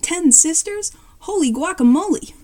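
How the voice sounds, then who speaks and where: A polite, easily impressed new-kid boy from a read-aloud story, voiced by a woman. He speaks high and friendly, with a mellow, darker tone. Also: lively intonation, brisk. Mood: shocked.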